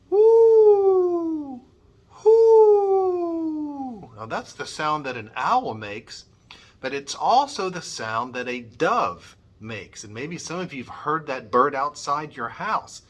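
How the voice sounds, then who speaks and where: A man's voice: medium pitch, sharp tone, husky. A middle-aged man leading a children's church music lesson, upbeat and coaxing, modelling sounds for the kids.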